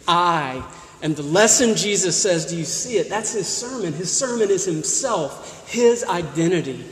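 High-voiced preacher in an echoing hall. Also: male voice, animated, measured pace. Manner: preaching with repeated rhetorical questions. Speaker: pastor. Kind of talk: sermon. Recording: echoey hall with long reverb.

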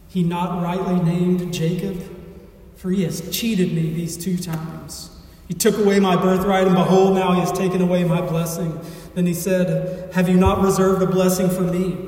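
A man reading scripture aloud and then preaching an earnest sermon as pastor, with emphatic delivery and dramatic pauses. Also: high voice, mellow. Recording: echoey hall, voice from far off.

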